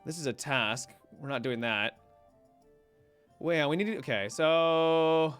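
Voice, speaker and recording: A man's voice: fairly high pitch, a little slow, fairly bright tone, clean tone, soft background music. A male streamer giving chatty, rambling live gameplay commentary and talking to his chat.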